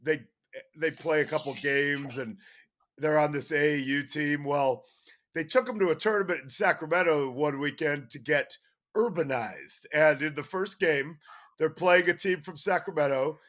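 A middle-aged man, the host's father, telling a lively anecdote on a podcast. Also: on the high side, normal speed. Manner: animated anecdotal storyteller. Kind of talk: storytelling on a podcast.

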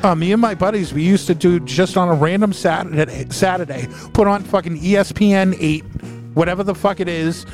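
A young adult man with a fairly high voice, cursing through a relaxed podcast chat. Faint music plays behind him. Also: brisk. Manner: profane, laid-back. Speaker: podcast co-host. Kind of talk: casual chat.

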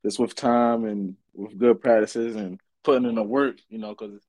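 A man's voice: lowish voice, fairly even intonation, normal speed, a little mellow, no echo, poor audio. A young man from Baltimore, a college basketball player, answering casually with lots of "you know". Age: young adult. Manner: easygoing, fillers like you know. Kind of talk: casual interview.

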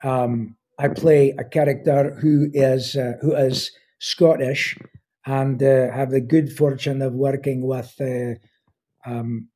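Husky, warm-toned man in his sixties. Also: medium pitch, little pitch movement, takes it slowly. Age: 60s. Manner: enthusiastic, rambling with fillers. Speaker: guest voice actor. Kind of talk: casual interview talk.

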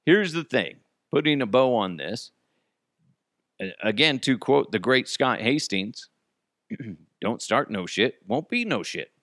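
A man's voice: big pitch swings, slow, pauses often, fairly bright tone, no room sound, clean studio sound. A man hosting a casual podcast, rambling through a funny story, laughing often and acting out what people said. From Colorado. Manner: reads ad copy in a hyped pitch. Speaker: podcast host.

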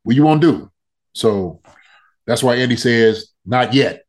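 A man's voice: mid-range voice, animated, measured pace. A man chatting casually on a sports podcast, loose and joking, repeating phrases for emphasis.

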